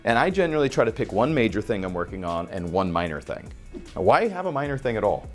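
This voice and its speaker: Blunt, animated male life coach. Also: lowish voice, fast, soft background music. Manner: blunt and profane, animated, acts out little scenes. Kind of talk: motivational podcast talk.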